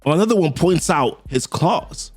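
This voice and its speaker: A man's voice: on the high side, expressive, moderate pace, no room sound, soft background music. A man casually recapping a comic issue, retelling the panels in slangy quoted voices. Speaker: comic book reviewer.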